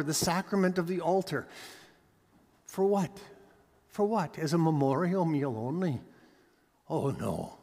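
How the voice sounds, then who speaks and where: Man preaching in a reverberant church. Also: sits high. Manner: emphatic preaching, rising and dropping for effect. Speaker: pastor. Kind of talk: sermon.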